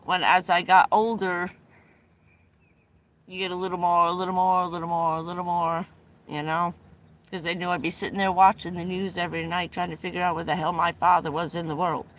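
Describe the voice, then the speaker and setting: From inside a vehicle, a middle-aged woman casually tells family stories on a livestream, rambling, often restarting and laughing between anecdotes. Her voice is fairly low and level in tone, and she talks a little fast.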